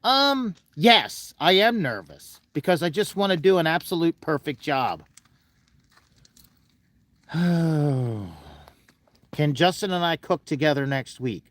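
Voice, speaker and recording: Brief: folksy male livestream host, casual chat, fairly high pitch, dry close sound. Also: lively intonation, takes it slowly, pauses often, a bit bright, no room sound. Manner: folksy, affectionate with animals.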